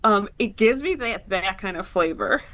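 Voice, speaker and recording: A woman's voice: medium pitch, expressive, normal speed, a bit bright. A woman from Chicago, a public defender, talking in a chatty, anecdotal way in an interview clip.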